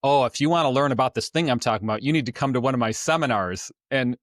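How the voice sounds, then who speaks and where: A man's voice: medium pitch, fast, dry recording, studio quality. A man co-hosting a podcast in casual chat, talking loosely and laughing often. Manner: chatty, laughs often, loose filler-heavy talk. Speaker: podcast co-host.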